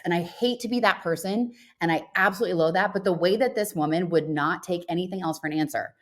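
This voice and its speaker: A woman's voice: fairly low pitch, fast, few pauses. A woman co-hosting a podcast, telling a long story in casual chat and acting out the phone calls she quotes. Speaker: podcast co-host.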